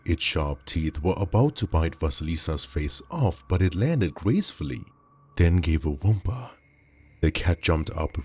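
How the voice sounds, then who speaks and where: A man reading a scripted horror story in a measured, dramatic way. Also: rumbling low, a little mellow, husky.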